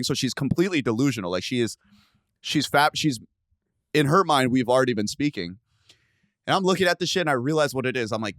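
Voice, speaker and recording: A young man hosting a podcast, casually telling a story with lots of profanity and sudden loud outbursts. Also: medium pitch, no echo, clean studio sound. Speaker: podcast host.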